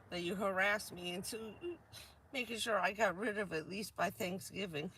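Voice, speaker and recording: A woman's voice: mid-range voice, unhurried, a bit bright, a little hiss or hum. A woman from New Jersey chatting casually on a vanlife live stream, rambling and laughing often.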